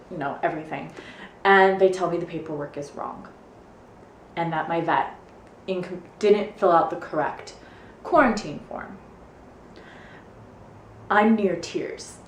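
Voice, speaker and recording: A woman's voice: on the low side, reverberant, slight background noise. A young woman in her twenties from the United States, casually telling a story in a vlog and acting out what everyone said. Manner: chatty, animated retelling with quoted asides. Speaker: vlogger.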